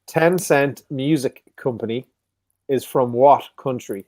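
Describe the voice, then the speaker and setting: Male quiz host, joking and unhurried, in a dry close sound. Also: mid-range voice, darkish tone, no room sound. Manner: jokey, repeats each question slowly. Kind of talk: casual live quiz hosting.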